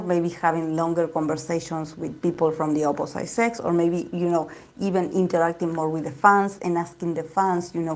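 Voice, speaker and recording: A woman's voice: fairly low pitch, a little mellow. A woman giving a casual tarot reading, rambling and repeating herself with lots of fillers. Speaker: tarot reader.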